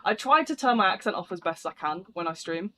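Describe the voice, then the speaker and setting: A man's voice: high voice, big pitch swings, brisk, sharp tone. A man with a northern English accent and a thick voice, live streaming a game in a rambling, slangy, casual chat with viewers. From northern England.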